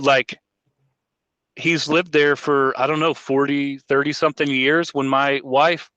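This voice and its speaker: Bright-voiced man, slightly dull audio. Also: medium pitch, no room sound. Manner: rambling, self-correcting, hedges often. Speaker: podcast co-host. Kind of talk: casual chat.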